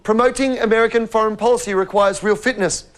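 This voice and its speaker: A man's voice: sits high, steady tone, quick pace. A man hosting a satirical comedy show, delivering jokes with punchy timing. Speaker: host. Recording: loud studio audience. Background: audience laughter, music.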